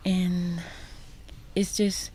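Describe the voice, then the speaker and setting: A woman telling a personal story as a radio guest, halting and repeating words, sometimes dropping to a whisper. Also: lowish voice, level tone, mellow, slightly rough. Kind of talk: personal testimony in a radio interview. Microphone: studio microphone.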